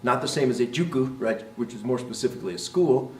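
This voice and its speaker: A man's voice: mid-range voice, quick pace. A man teaching as a martial arts instructor, explaining terms and modeling their pronunciation, often checking with "right?". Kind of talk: instructional talk to camera. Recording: roomy, voice from a distance.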